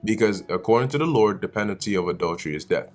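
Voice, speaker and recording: A man's voice: fairly low pitch, fast talker, faint music behind. A man giving a casual, slangy Bible study commentary, often acting out the characters. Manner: animated, slangy, acts out characters. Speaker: Bible teacher.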